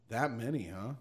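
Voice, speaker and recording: A man co-hosting a podcast in casual chat, asking dry, teasing questions. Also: medium pitch. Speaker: podcast co-host.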